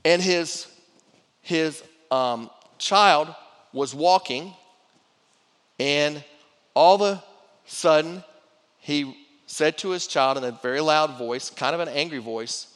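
Speaking slowly and pausing often, this middle-aged pastor delivers a conversational sermon to his congregation, restarting phrases and repeating words. His pitch is fairly high, and his tone is clean and a bit bright. A long reverb fills the hall.

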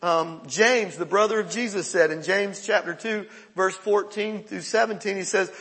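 A man's voice: high voice, moderate pace, hardly any pauses, fairly bright tone, slightly rough, big-room sound. A middle-aged man preaching a conversational, emphatic sermon as pastor.

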